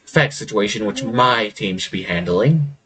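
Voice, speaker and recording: A man's voice: on the low side, expressive, a little slow, a bit bright, slightly rough. A man acting as game master, narrating a tabletop game in a casual, rambling way over a voice call.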